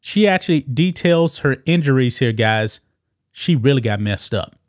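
A man's voice: mid-range voice, expressive, moderate pace, no echo, clean studio sound. A man hosting casual political commentary, mocking and talking straight to his viewers. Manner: mocking, addresses viewers as guys.

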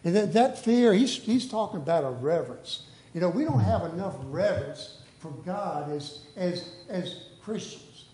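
A man's voice: sits high, animated, moderate pace, dark tone, roomy sound, low-quality recording. A man preaching a sermon in a church. He reads scripture aloud and then preaches off the cuff, with lots of "hey" and restarts. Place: church sanctuary.

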